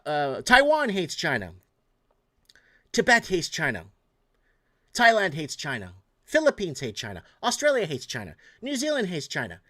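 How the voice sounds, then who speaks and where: A man from Portugal hosts a late-night call-in show in a heated, emphatic rant. His voice sits a little high for a man, and his pitch swings widely as he presses each point. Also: bright, forceful tone. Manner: reads out viewer messages. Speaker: talk show host.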